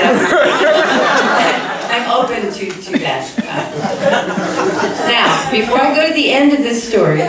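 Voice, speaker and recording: A woman from South Texas telling a personal story to a live audience as host, animated and acting out other people's voices. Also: medium pitch. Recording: echoey live room from a distant mic.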